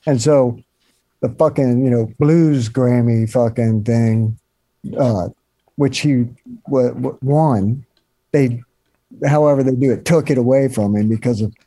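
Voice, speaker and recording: A man talking as a guest on a podcast, with a mellow, dark voice. He rambles and trails off, swearing casually, and the sound is dry and close. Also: medium pitch, a little slow, no echo. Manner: laid-back, rambling, swears often, trails off. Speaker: musician guest. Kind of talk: casual chat.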